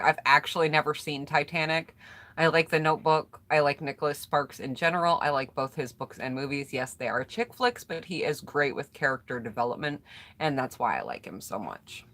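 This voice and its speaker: Brisk and lively in intonation, a low-pitched, slightly bright American woman vlogger works through a tag, reading each question aloud before answering casually. She greets viewers by name and is on the mend from a cold.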